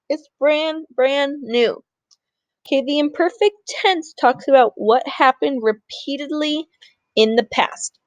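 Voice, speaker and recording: A woman's voice: on the high side, dry recording. A woman Spanish teacher giving a recorded grammar lesson in an upbeat, informal way.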